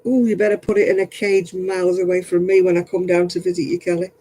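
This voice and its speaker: A man's voice: high-pitched, flat delivery, quick pace, mellow, low-quality recording. A tired man, chatting casually with livestream viewers as he crafts, rambling and often laughing. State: tired, yawning.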